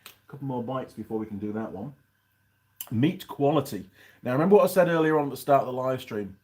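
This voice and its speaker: A man's voice: medium pitch, a little mellow. A man hosting a casual live stream, reviewing a pie and chatting in a rambling way while he eats. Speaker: channel host reviewing pies on a live stream.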